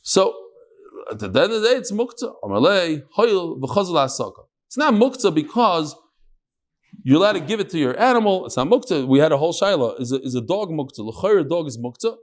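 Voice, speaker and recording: A man's voice: a little high, sing-song, brisk. A man gives a Talmud class. He talks in a chatty way and jokes in asides between his readings of the text. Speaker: Talmud teacher. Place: classroom with live audience.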